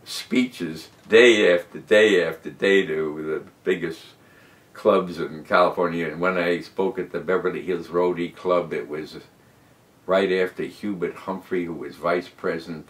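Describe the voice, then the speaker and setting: Animated deep-voiced man in his nineties. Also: echoey room. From United States. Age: 90s. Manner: animated, emphatic storyteller who rises and drops in pitch and loudness. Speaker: war veteran interviewee. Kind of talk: storytelling oral history interview. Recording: voice from a distance off the mic.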